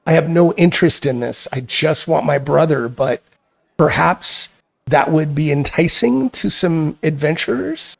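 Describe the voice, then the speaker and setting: A frightened young sister pleads for her missing brother, as a man puts her on. The voice is pitched up and cracks with tears as she stammers and restarts. A gravelly edge sits under the raised tone. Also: animated, heavily acted. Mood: hopeful. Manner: tearful, halting, stammering pleas.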